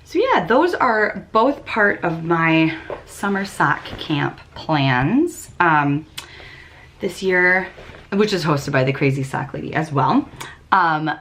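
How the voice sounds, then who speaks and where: Low-voiced chatty woman knitting host. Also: big pitch swings, takes it slowly, fairly bright tone, slight background noise. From United States. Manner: chatty, giggly, many ums and restarts. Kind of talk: casual chat.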